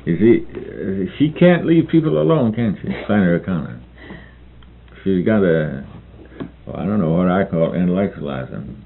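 Male reader-lecturer, deep and gravelly, unhurried, halting asides between read passages, narrow phone-like sound. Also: expressive. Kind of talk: reading a novel aloud with commentary. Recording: phone-like narrow band with faint hiss.

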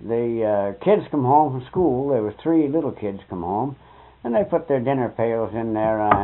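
An older man telling folksy, rambling anecdotes in a colloquial way, with mild oaths here and there. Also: medium pitch. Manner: folksy, colloquial, swears mildly. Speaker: interviewee. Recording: tinny narrow-band old tape.

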